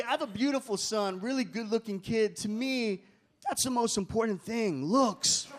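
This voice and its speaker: High-voiced man doing animated stand-up. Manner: animated, punches lines up with shouts. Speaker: stand-up comedian. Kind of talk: stand-up comedy set. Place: comedy club stage with live audience. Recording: club crowd laughter and room noise.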